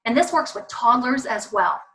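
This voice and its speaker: Woman parenting coach on a video call, bright, slightly higher voice, punchy and repetitive delivery, a little far from the mic. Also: animated, normal speed. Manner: emphatic, repetitive, addresses parents directly. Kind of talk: online parenting talk with slides.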